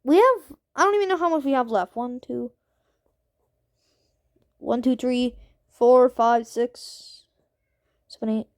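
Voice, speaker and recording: A young woman reading out simulated game results and reacting in casual slang with excited, incredulous outbursts. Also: high voice, slow, long pauses, no room sound, studio quality. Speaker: gaming commentator.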